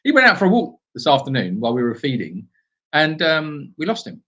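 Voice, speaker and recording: Lively man chatting casually. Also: a little high, fairly quick, muffled recording. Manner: animated, rambling storytelling. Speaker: sanctuary co-host. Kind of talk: casual live-stream chat.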